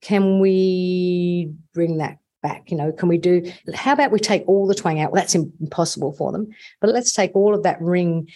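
Voice teacher woman with a dark tone. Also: fairly low pitch, brisk, husky. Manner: animated, restarts sentences often. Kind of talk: casual panel discussion.

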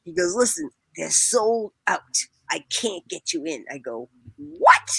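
A woman's voice: very animated, a little slow, creaky, slightly rough, no room sound, poor audio. A woman telling a personal story with animation, acting out the people she quotes and laughing as she goes. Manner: acts out quoted people with big pitch jumps, laughs while talking.

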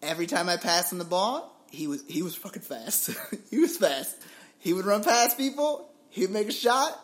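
A man's voice: high-pitched, normal speed. Young puerto rican guy on a sports pod, chatty, laughs a lot, cusses easy. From Puerto Rico. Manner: animated storyteller, laughs often, swears casually. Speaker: podcast co-host. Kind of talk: casual sports chat.

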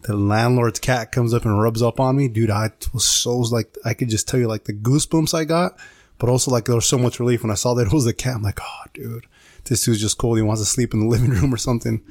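A man's voice: mid-range voice, fairly even intonation, quick pace, a little mellow, no echo. A man spins a long story in loose, rambling chat and drops "dude" into nearly every sentence. His voice sits in a middle register. The recording is dry and close, with no room sound. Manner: rambling, says "dude" a lot. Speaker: podcast co-host telling a story.

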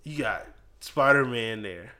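Young man, casual chat, lively swooping pitch, bright voice, animated, swears. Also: unhurried. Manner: animated, swearing, acts out quotes.

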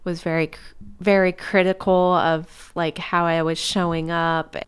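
A woman's voice: fairly low pitch, flat delivery, a little slow, smooth. A woman hosting her own podcast, talking candidly and from the heart in a conversational monologue, with the odd casual swear word. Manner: open and heartfelt. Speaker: podcast host.

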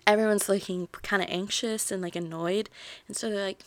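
A woman hosting a book podcast, retelling a novel's plot in a chatty, animated way with lots of "like" fillers. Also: medium pitch, brisk, dry recording. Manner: animated storytelling, frequent "like" fillers.

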